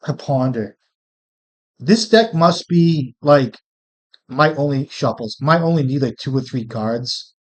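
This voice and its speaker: A man's voice: medium pitch, expressive, a little slow. Man muttering through a card game. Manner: profane, muttering, thinking aloud. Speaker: streamer playing a card game. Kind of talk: casual gameplay commentary.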